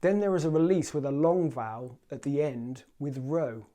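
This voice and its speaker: Measured, mellow-voiced male poetry host. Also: on the high side. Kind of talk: scripted literary commentary with recited lyrics.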